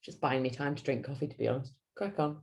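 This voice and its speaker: A woman with a Yorkshire accent giving a lunch-and-learn talk as a public speaking coach, animated and theatrical, her voice swinging up and down. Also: extremely low pitch, fast talker, vocal fry.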